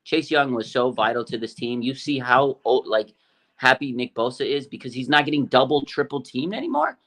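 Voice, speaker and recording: A man co-hosting a sports podcast, talking in a quick, animated and opinionated way with many fillers. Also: mid-range voice. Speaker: podcast co-host. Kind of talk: casual sports talk.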